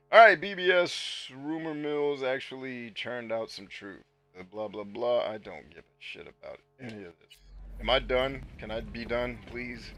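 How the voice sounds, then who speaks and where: A man hosting a game stream, talking bluntly and swearing as he plays. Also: mid-range voice. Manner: profane, blunt and animated, laughing often. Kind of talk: casual gameplay commentary.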